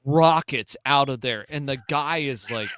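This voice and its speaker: A man co-hosting a casual podcast, telling stories with wry, deadpan humor. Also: mid-range voice, measured pace, a little hiss or hum. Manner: wry, deadpan jokes, storytelling. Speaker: podcast co-host.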